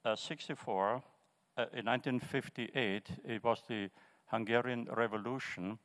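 An older man from Austria, sharing his personal testimony in church in a halting way, with fillers and restarts. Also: mid-range voice, steady tone, fairly bright tone. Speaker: congregation member sharing testimony. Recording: reverberant church hall.

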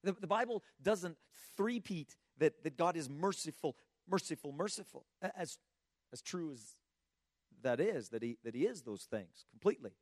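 A slightly hoarse man preaching a sermon in an earnest, emphatic way, asking rhetorical questions and often restarting his words. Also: on the high side, animated, moderate pace, darkish tone, no echo, studio quality. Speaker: pastor.

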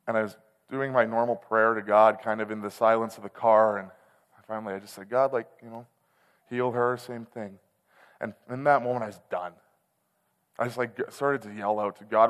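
A man giving a sermon from a large church hall, his voice trailing off into a long reverb. He speaks in an everyday middle register. He tells his own story plainly and candidly, then rises into loud, impassioned cries. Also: medium pitch, fairly even intonation, moderate pace, pauses often. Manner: candid storytelling that swells to loud, passionate outbursts. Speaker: preacher. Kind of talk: sermon with personal testimony.

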